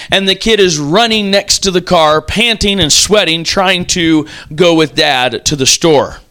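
A male preacher with a high, bright voice gives a sermon. He tells vivid stories and acts out the quotes as he goes. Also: clean tone.

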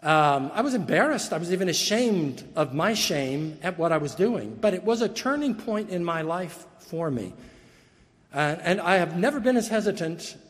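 A man with a notably high voice preaches earnestly from the pulpit, pressing his points with repeated words and restarts. His sermon rings out with a long reverb, as in a large church hall. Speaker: pastor. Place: church sanctuary.

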